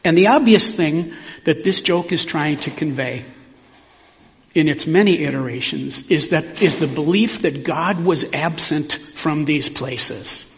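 A man preaches a Sunday sermon in a measured, reflective voice, pausing to let his points land. His voice sits a little high. The sound is dull and carries a long reverb from the church sanctuary. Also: slight background noise. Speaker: pastor.

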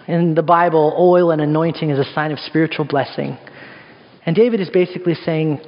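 A man's voice: fairly high pitch, steady tone, a little fast. A man preaching a sermon in a casual, conversational way, full of rhetorical questions. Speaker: pastor. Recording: echoey hall, dull sound.

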